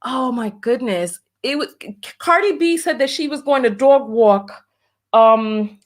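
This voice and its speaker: A woman's voice: a little high, measured pace. A woman hosting a casual livestream, reading donations aloud, laughing often and exclaiming "oh my Lord" and "have mercy.". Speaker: livestream host.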